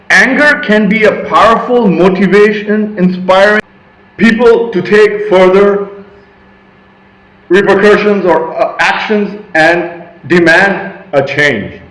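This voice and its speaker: A man's voice: high voice, takes it slowly. Emphatic man vlogging in an echoey room. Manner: emphatic, rambling, shifts into loud assertive bursts. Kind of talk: motivational monologue.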